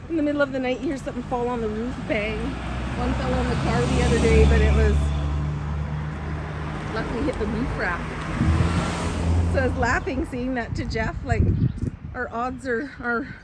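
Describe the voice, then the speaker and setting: A woman's voice: fairly high pitch, steady tone, moderate pace, long pauses. A middle-aged woman from Canada, chatting in a rambling way with many fillers while walking outdoors and filming on a handheld phone. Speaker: vlogger. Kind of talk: casual chat while walking. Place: outdoors on a neighborhood road. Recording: loud outdoor background noise.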